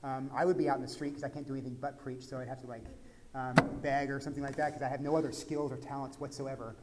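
A man from Texas, a pastor, preaching a conversational sermon that swings from quiet asides to loud, emphatic peaks. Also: mid-range voice, flat delivery, fast, heavy background noise.

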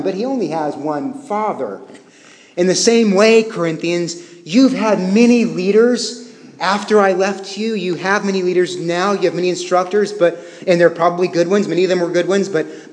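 High-voiced man preaching in a reverberant hall. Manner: storytelling, animated, self-deprecating laughs, restarts. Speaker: pastor. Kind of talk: sermon.

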